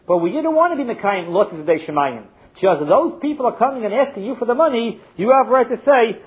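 A man's voice: extremely high pitch, expressive, fast, few pauses, husky. A man teaching a Talmud lesson, reading short phrases and translating each one in turn with a chanting cadence. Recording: muffled phone-like recording.

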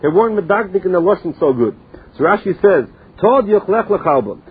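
A man's voice: high voice, very animated, brisk, slightly rough, narrow, tinny audio. A man giving a Talmud lesson, reading the text in a sing-song study chant and translating it line by line. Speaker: Talmud teacher.

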